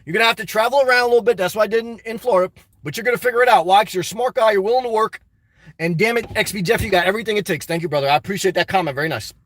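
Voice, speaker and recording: A man live-streaming a casual vlog, reading comments aloud and answering them in an animated, repetitive, exclamatory way. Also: high voice, rapid-fire. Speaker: YouTube vlogger answering live chat.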